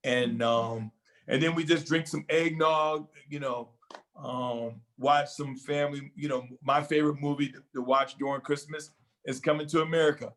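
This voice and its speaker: A man's voice: a little high, steady tone, moderate pace, a bit bright, low-quality recording. Reflective older man, hesitant talk. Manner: reflective, hesitant, many fillers. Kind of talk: casual talk show conversation.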